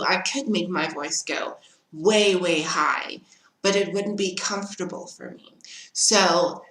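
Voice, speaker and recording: A woman speaks slowly and earnestly to her viewers, giving encouraging advice in a casual vlog. Her voice is bright and forward, and it echoes around the room. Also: on the low side. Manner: earnest, encouraging, direct to camera. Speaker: vlogger.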